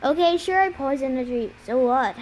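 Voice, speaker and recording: A smooth-talking, scheming young villain from a storybook, calm and persuasive, as read by a woman in a high voice. There is little change from the reader's own tone, and a faint background hiss sits under it. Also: normal speed.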